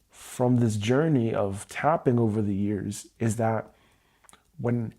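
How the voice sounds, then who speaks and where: A man hosting a tapping livestream, speaking slowly and candidly about his past feelings in a personal, reflective way. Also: medium pitch, vocal fry, warm tone. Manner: slow, candid, searching self-reflection. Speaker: EFT tapping livestream host. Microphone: livestream mic.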